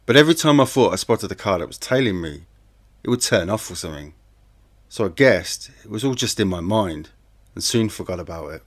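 A man tells a true-crime story in the first person. His voice sits a little low, and he keeps the telling plain and conversational. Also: animated, fairly quick. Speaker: audiobook narrator.

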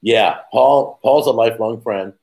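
A middle-aged man hosting a casual live chat, telling rambling stories with quick asides and laughing at his own jokes. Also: mid-range voice, creaky, darkish tone, poor audio. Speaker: host.

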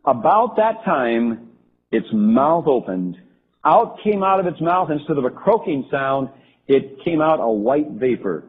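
A man telling a first-person account of a vision, halting and restarting as he goes. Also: mid-range voice, very animated, breathy edge. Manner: halting, with frequent restarts and fillers. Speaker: storyteller recounting a religious vision. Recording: tinny phone-like lo-fi recording.

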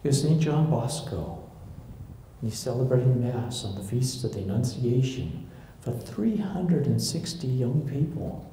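This church history lecturer retells stories before a local audience, acting out the quoted voices as he goes. His mid-range voice is warm and expressive, and he speaks a little slowly. The sound is very echoey with faint noise.

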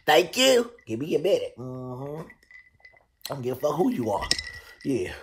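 A man hosting a show, telling a story casually in a profane, animated way. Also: a little slow, pauses often, breathy edge. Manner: animated, profane storytelling with loud, high bursts. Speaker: show host.

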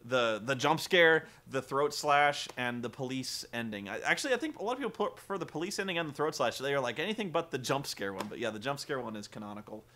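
A man's voice: mid-range voice, expressive, fast, few pauses, bright, forceful tone, slight background noise. A young man rambling through a casual, profane film review, laughing often and acting out characters in quoted voices. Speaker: vlogger.

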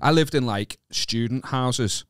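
A man's voice: medium pitch, measured pace, clear, resonant tone, no echo, studio quality. A man from the north of England co-hosting a casual podcast, telling stories with lots of swearing and laughter. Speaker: podcast co-host.

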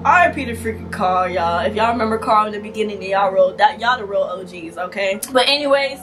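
A young woman hosting a gaming channel, giving excited let's-play commentary, shouting, laughing and talking in slang. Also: medium pitch, brisk, distant mic. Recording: voice a bit off-mic over game music.

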